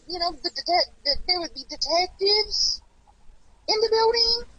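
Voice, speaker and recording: A woman hosting a casual chat, animated and blunt, repeating herself and swearing as she talks. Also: very high voice, moderate pace, highs cut off. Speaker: host.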